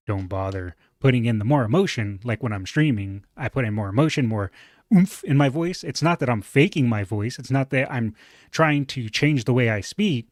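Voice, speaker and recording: A man with a moderately deep voice reacting to a video in a relaxed, chatty way, thinking aloud with fillers. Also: normal speed, no echo. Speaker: reaction streamer. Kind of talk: casual reaction commentary.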